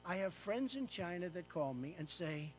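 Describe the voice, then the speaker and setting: A man's voice: sits high, big pitch swings, normal speed, a little hiss or hum. An American man giving a boastful, repetitive off-the-cuff speech to an audience in an event room. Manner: boastful, repetitive, punchy phrases. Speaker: paid speaker.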